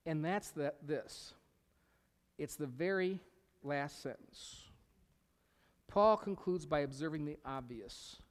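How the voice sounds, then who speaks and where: Middle-aged male pastor, slightly high-pitched, emphatic sermon delivery with whispered asides, recorded in a reverberant church hall. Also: animated, unhurried. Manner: emphatic, repeats key phrases, drops to a whisper at times.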